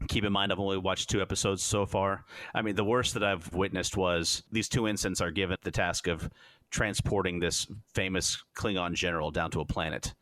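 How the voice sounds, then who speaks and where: A man's voice: low-pitched, fairly quick, no echo. A man co-hosting a podcast in casual chat, retelling scenes and acting out the dialogue. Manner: animated storyteller, acts out dialogue in raised voices. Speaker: podcast co-host.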